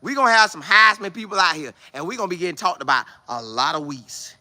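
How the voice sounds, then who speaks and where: A man vlogging outdoors with no studio, talking sports in an excitable, repetitive way full of preacher-like exclamations. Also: high voice, fast. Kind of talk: casual hyped-up monologue to camera.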